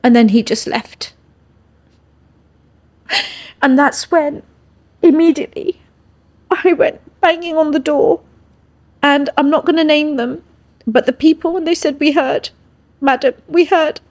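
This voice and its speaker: A woman's voice: sits high, measured pace, long pauses, a little mellow. A woman with an English accent, a podcast guest earnestly telling a personal story and often checking in with her listener. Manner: earnest, checks in with "yeah?" tags. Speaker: interview guest.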